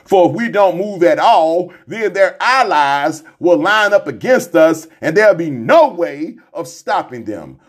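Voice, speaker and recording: A man hosting a radio show, reading a text aloud and commenting on it in a preachy way, repeating lines and calling out to his listeners. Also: on the high side. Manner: repeats lines, calls out to listeners with "y'all", "family" and "brothers and sisters".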